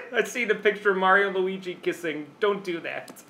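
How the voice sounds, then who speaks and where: A man's voice: sits high, measured pace, pushed and bright, slight background noise. A man co-hosting a casual video game podcast, rambling with fillers and laughing often. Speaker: podcast co-host. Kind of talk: casual chat.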